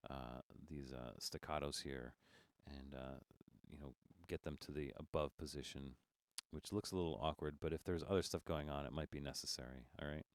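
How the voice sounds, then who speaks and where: A man teaching a music notation software lesson, explaining step by step with frequent fillers and checking in with "right?". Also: very deep voice, fairly even intonation, normal speed, no room sound, clean studio sound. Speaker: software tutorial instructor. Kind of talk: screen-recorded software tutorial.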